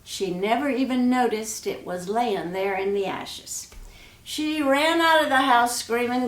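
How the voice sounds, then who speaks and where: A woman telling a folk tale in a slow, homespun, intimate way, as a storyteller. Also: medium pitch. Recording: roomy echo.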